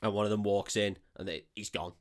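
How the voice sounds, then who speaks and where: A man's voice: on the low side, a little fast. Man recapping a film, swearing freely. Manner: animated, swears often, acts out characters' lines. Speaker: podcast co-host. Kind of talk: casual film recap chat.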